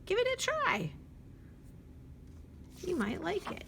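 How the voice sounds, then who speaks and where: A woman's voice: extremely high pitch, wildly swooping pitch, takes it slowly, creaky, fairly bright tone, a little hiss or hum, voice pushed up, full character voice. A woman voicing a playful little red bird in a picture-book read-aloud, chanting rhymes and coaxing others to join in. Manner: encouraging, playful.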